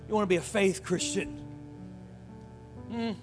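A man preaching a sermon with emphatic call-and-response, folksy phrasing, and shouted hallelujahs. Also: high-pitched, fairly even intonation, a little slow, music in the background. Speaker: pastor.

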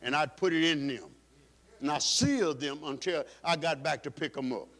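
A man's voice: fairly high pitch, moderate pace, a bit bright. A male pastor preaching a sermon in an emphatic style, repeating phrases for stress.

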